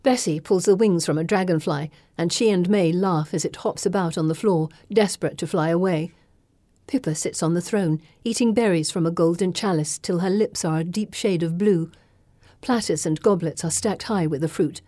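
A woman giving measured first-person audiobook narration. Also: lowish voice, dark tone, dry recording.

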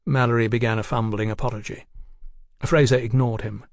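A man narrating an audiobook in a steady, even manner, his voice in a middle register. The recording is close and completely dry, with no room sound. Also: medium pitch, fairly quick, no echo.

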